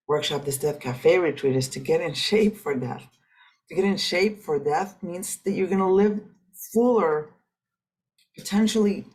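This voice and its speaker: A woman's voice: lowish voice, a little mellow, rough recording. A middle-aged woman hosting a podcast, talking in a rambling, conversational way with frequent restarts. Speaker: podcast host. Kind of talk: casual reflective monologue.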